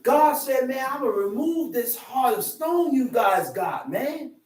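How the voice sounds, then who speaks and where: Slow, echoey preaching man. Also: very high voice, very animated, darkish tone. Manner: emphatic and repetitive, reads scripture then restates it in street slang. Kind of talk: sermon, scripture reading and commentary. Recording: echoey room, far from the mic.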